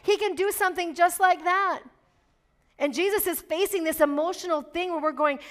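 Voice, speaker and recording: A woman's voice: extremely high pitch, normal speed, a bit bright. A middle-aged woman pastor preaching a sermon, fervent and emphatic, building in intensity as she exhorts.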